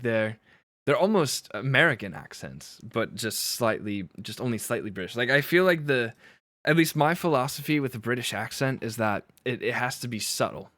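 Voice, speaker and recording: A man's voice: medium pitch, a bit bright, dry recording, clean studio sound. A man hosting a livestream, chatting casually and laughing at himself as he talks about accents. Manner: chatty, laughing, self-deprecating. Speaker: livestream host. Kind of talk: casual chat with chat.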